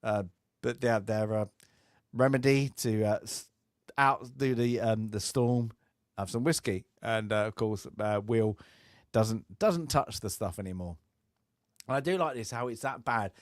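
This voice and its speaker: A man's voice: on the low side, unhurried, no room sound, clean studio sound. A man chatting casually about a film, rambling with many fillers and acting out lines. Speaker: film review podcast host.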